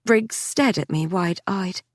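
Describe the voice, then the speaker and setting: Brief: female audiobook narrator, measured and even, dry close sound. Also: fairly low pitch, no room sound.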